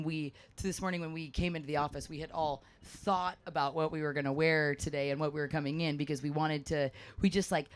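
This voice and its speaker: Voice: medium pitch, clear, resonant tone. Earnest rambling stage host. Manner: rambling, halting restarts, earnest. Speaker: event host. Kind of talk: hosting a live stage conversation. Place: stage at a live event.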